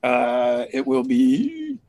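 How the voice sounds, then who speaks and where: A man playing a tabletop game, speaking slowly and deliberately. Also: mid-range voice, huge pitch swings, warm tone, no room sound. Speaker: player. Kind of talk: casual tabletop play.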